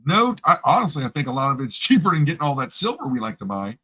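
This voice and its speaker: Bright-voiced joking man. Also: on the high side, sing-song, slightly rough, low-quality recording. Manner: joking, chatty, drawn-out asides. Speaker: co-host. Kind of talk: casual chat about coin collecting.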